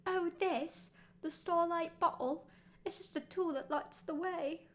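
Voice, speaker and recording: A woman's voice: very high-pitched, measured pace, voice pushed up. A woman playing a sly bargaining male elf. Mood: coaxing. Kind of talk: reading game dialogue aloud.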